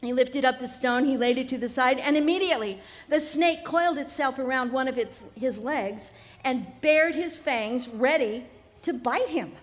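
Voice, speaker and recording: A woman tells a fable in a lively, chatty way at a family festival. Her voice sits high, and the tent gives a long reverb. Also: normal speed. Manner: animated, conversational, playful. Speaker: storyteller. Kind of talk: live storytelling for families.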